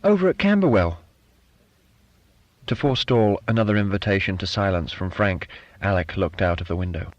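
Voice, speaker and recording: A man reading literary fiction aloud as an audiobook narrator, measured and even. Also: deep voice, no echo, lo-fi sound.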